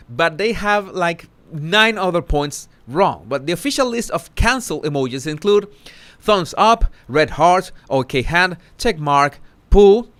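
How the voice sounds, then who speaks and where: A man hosting a casual live commentary, talking haltingly with many restarts and self-corrections. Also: on the high side, a bit bright. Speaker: social commentary host.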